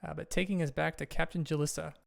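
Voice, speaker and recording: A man running a tabletop game as game master, narrating the action and checking rules in a steady, descriptive way. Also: fairly high pitch, fast talker, gravelly.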